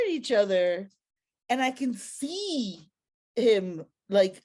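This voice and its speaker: A woman telling a personal story to an audience in a lively, slangy, conversational way. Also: mid-range voice, takes it slowly.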